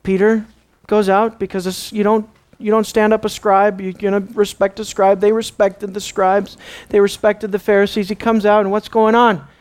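A man's voice: high-pitched, little pitch movement, moderate pace, a little mellow. A man pastor preaching a sermon, dramatic, asking the congregation rhetorical questions and acting out the people in the story.

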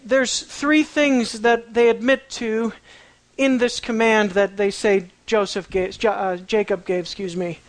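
A preacher giving a conversational sermon on a Bible passage, often asking the listeners questions and telling the story with dramatic swings between quiet and excited. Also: medium pitch, measured pace, dry recording.

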